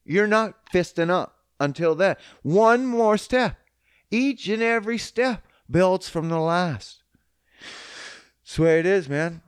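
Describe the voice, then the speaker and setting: A man's voice: high-pitched, a little slow, smooth, no room sound, studio quality. A man talking casually and crudely about fitness and diet, rambling and joking, acting out both sides of conversations. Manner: crude, rambling, joking, voices others in quotes. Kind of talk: casual profane monologue.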